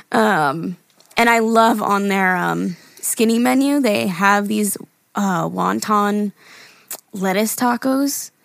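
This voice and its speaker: A woman's voice: medium pitch, takes it slowly, vocal fry, no echo. Young woman, podcast co-host, casual chat, chatty, dry close sound. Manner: chatty, lots of fillers and laughs.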